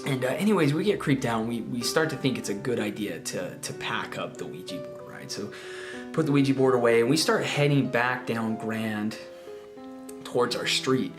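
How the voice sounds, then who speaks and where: Guy in his 20s rambling through a story, lively up and down voice, echoey room, bit of guitar behind. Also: mid-range voice, normal speed. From Spokane, US. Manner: rambling, repeats words, keeps asking "right?". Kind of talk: casual spoken storytelling. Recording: roomy, faint guitar music.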